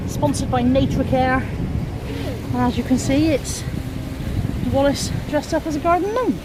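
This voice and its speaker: A woman narrates a walking vlog as she goes, chatty and ready to laugh at herself. Her voice sits a little high, and she holds the camera in her hand outdoors. City traffic and street noise come through clearly behind her. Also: sing-song, a little slow. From England, Bristol. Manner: chatty, self-mocking, narrating as she walks. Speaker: vlogger. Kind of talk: casual walk-and-talk vlog.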